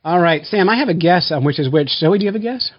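A man hosting a blindfolded family taste test in a casual, playful way, counting down loudly before each bite. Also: high voice, animated, fast, no room sound, dull audio. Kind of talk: casual family vlog chat.

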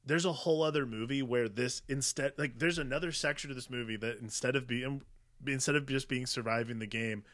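A man's voice: mid-range voice, steady tone, brisk, fairly bright tone, no room sound, studio quality. A man co-hosting a casual movie review chat, talking emphatically, swearing and filling with "like". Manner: emphatic, swears, uses "like" as a filler. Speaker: podcast co-host.

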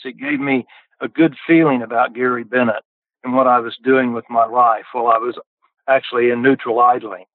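A man's voice: medium pitch, no room sound. An older man telling car stories on a podcast in a folksy way, often repeating words as he starts. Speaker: podcast guest. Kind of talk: casual storytelling. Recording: dry, tinny phone line.

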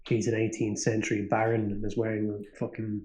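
Deadpan man with a flat voice. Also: on the low side, fairly quick, rough recording. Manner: deadpan, mock-serious, swears. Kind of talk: deadpan mock analysis.

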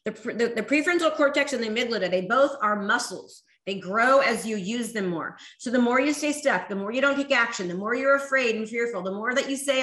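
A woman gives an energetic motivational talk, her fairly high, bright voice ringing through an echoey room. She repeats her lines and urges the crowd to join in. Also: brisk, few pauses. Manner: energetic, repetitive, rallying the crowd. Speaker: motivational speaker. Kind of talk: motivational talk to a live audience.

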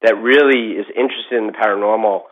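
A man's voice: lowish voice, fast, narrow, tinny audio. A middle-aged man telling a ghost story in casual chat, rambling with lots of fillers and restarts.

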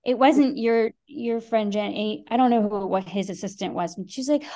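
A middle-aged woman guest on a podcast, telling a story in a lively way, acting out quotes and swearing freely. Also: mid-range voice, normal speed. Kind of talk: animated storytelling.

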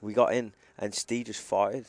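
A man's voice: fairly low pitch, steady tone, unhurried, darkish tone, dry recording. A man in casual chat who swears easily and laughs through his own stories.

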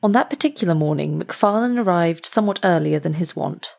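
A woman reading a story aloud as narrator, in a steady, measured way. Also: lowish voice, vocal fry. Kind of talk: audiobook reading.

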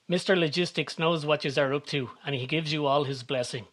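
Brief: sly schemer, smooth and knowing, slightly high voice, read by a man. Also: fairly quick, fairly bright tone.

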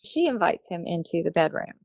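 A woman's voice: fairly low pitch, sing-song, fairly quick, vocal fry, darkish tone, dry recording, lo-fi sound. A woman telling a personal story in casual conversation, chatty, often laughing and acting out what others said. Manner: chatty, laughs often, acts out quoted people. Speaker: guest telling her story.

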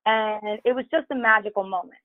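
A woman's voice: medium pitch, brisk, dry recording, phone-quality sound. A woman guest on a talk show, telling candid, profane stories in casual chat with lots of fillers. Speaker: podcast guest.

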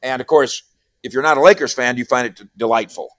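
A man's voice: medium pitch, quick pace, no room sound, clean studio sound. A man talking sports as a regular radio guest, rambling and repeating himself in casual chat. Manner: rambling, repeats words, animated when quoting. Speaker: sports columnist and podcaster.

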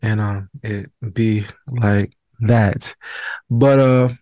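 A young man hosting a casual podcast, chatting in a relaxed way that trails off and restarts. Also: lowish voice, extremely slow, no echo. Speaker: podcast host. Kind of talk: casual chat.

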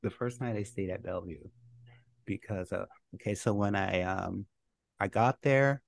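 A middle-aged man, a guest, recounting his life story in a casual, animated way and laughing at his own memories. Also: sits low, normal speed, creaky.

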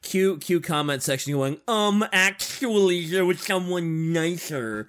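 A man's voice: high-pitched, expressive, a little slow, fairly bright tone, smooth. A young man co-hosting a podcast in casual chat, laid-back, laughing often and swearing casually. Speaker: podcast co-host.

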